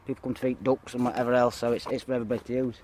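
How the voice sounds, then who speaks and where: A man's voice: medium pitch, flat delivery, racing, darkish tone. Man, out of breath, outdoors, handheld camera, rambling vlog talk, faint outdoor noise. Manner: rambling, chatty, lots of uh and so. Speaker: fishing vlogger. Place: outdoors by a pond.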